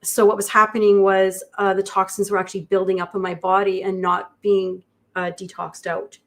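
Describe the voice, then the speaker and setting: A woman guest in a livestream conversation, speaking in a halting, reflective way with many pauses. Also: medium pitch, level tone. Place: indoor studio.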